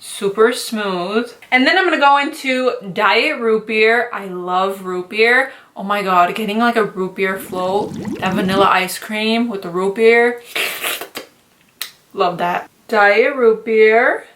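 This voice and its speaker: A young woman beauty vlogger talking through an excited unboxing and makeup tutorial, gushing and dramatic with lots of slang. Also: mid-range voice, a little slow, slight background noise.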